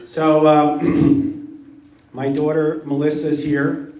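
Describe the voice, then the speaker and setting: A middle-aged man tells rambling party jokes from a distance, his voice sitting fairly high and bouncing around a roomy studio space. He chuckles his way through the stories, loose and unrehearsed. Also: monotone, very slow, very noisy. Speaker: party guest telling jokes. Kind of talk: stand-up joke telling at a party. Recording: roomy sound from a distant mic.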